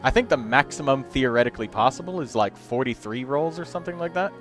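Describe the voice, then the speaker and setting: A man's voice: medium pitch, animated, quick pace, fairly bright tone, soft background music. A man hosting a game livestream, reviewing viewers' characters in casual, chatty commentary and thinking aloud as he counts numbers.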